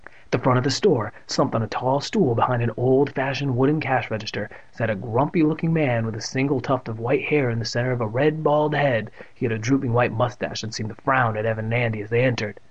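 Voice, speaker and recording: A man's voice: medium pitch, fairly even intonation, a little fast. A man reading a children's book aloud and tossing in joking asides. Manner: adds joking asides to the text. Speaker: reader. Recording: muffled lo-fi recording.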